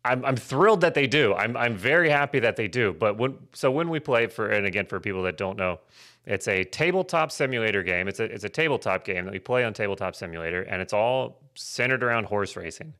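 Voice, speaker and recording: A man's voice: on the low side, expressive, fairly quick, sharp tone. A man co-hosting a comedy podcast, chatting casually in a rambling, self-mocking way and swearing freely. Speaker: podcast co-host.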